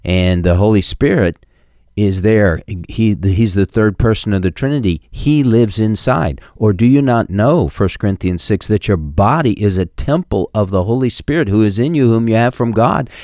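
A middle-aged man preaching a sermon, emphatic and building to sharp peaks, quoting scripture with chapter and verse. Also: lowish voice, no echo, clean studio sound. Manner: emphatic preaching, rising sharply on key points. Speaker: pastor.

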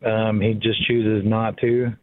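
A man calling in to a radio show, speaking quietly and hesitantly. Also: lowish voice, little pitch movement, slow, dry recording. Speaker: caller. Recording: tinny phone line.

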